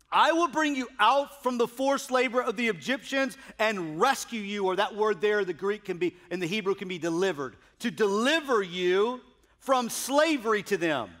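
A man preaching a sermon as pastor, emphatic, swinging from loud declarations to hushed asides. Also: high voice.

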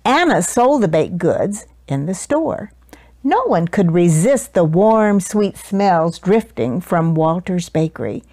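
A woman reading a children's picture book aloud with expressive storytelling. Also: on the low side, takes it slowly, no echo.

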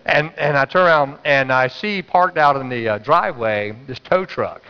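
Pastor preaching in a dull, echoing hall. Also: male voice, medium pitch, moderate pace, clean tone. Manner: conversational storytelling, urging the congregation to respond. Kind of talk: sermon. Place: church sanctuary.

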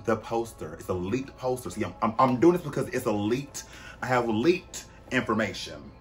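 A man hosting a vlog in casual, chatty commentary. He talks animatedly, with swooping pitch, sudden loud bursts and frequent fillers. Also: sing-song, normal speed, faint music behind. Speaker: vlog host.

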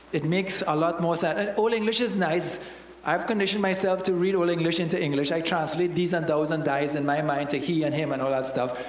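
A man's voice: on the high side, roomy sound, long reverb tail, low-quality recording. A man with a Trinidadian accent, a church elder preaching a sermon in a conversational way, often checking in with "all right?".

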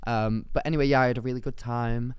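A man's voice: mid-range voice, fairly even intonation, fast, clean tone, no room sound, clean studio sound. A man co-hosting a podcast, a bit ill with a cold, chatting in a rambling, easily amused way. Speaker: podcast co-host. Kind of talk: casual chat.

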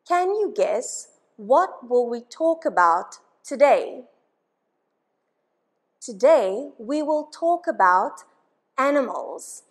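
A woman teaching a children's English lesson, her voice pitched a little high. She speaks extremely slowly, asking simple questions and pausing so young listeners can repeat each word after her. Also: sing-song. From South Africa. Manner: patient, asks questions and has listeners repeat words.

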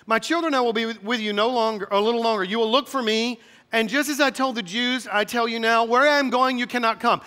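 A man preaching a sermon as pastor, energetic and rising to shouted bursts, leading the congregation in call-and-response. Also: extremely high pitch, a little fast, big-room sound. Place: church sanctuary.

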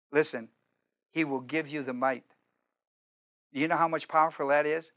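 A male pastor preaching a teaching sermon, emphatic and repetitive, slowing down to stress key commands and quizzing his listeners with questions. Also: fairly high pitch, steady tone, fairly bright tone. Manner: emphatic, repeats phrases, slows down to stress commands.

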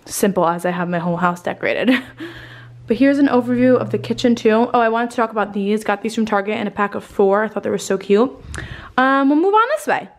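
A woman in her twenties speaks briskly in a mid-range voice, showing her home and enthusing about her holiday decorating. The lifestyle vlogger sounds a bit breathless and swears casually during the relaxed tour.

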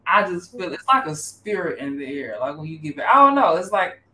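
A woman's voice: on the low side, sing-song, a little fast, pushed and bright. Woman host in a roomy echo. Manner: chatty, explains services plainly. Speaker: host and relocation consultant. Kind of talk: casual panel chat.

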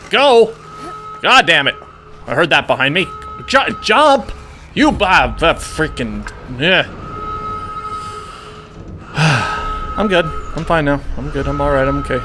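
Male let's play host, joking self-talk, jumpy, lively pitch, unhurried pace, music playing behind. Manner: talks to himself, jumpy and joking. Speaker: gaming channel host. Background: game music.

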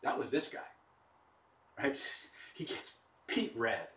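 A man presents a persuasion webinar in an animated storytelling way, stopping often to check in with his listeners. His voice sits at a middle pitch. It is recorded from a distance, and the room gives it a noticeable echo. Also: slow. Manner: animated storyteller with frequent restarts and "okay?" check-ins. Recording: roomy echo, distant mic.

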